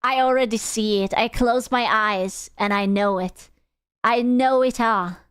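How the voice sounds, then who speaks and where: A young woman streaming and reacting to videos in casual chat, blunt and quick to swear. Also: a little high, clear, resonant tone, no echo. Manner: blunt, swears freely, laughs often.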